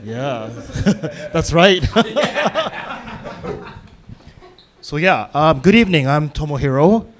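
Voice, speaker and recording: A man doing a stand-up set of deadpan one-liners and puns on a club stage. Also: fairly high pitch, extremely slow, long pauses, a crowd in the background. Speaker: stand-up comedian. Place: comedy club stage with live audience.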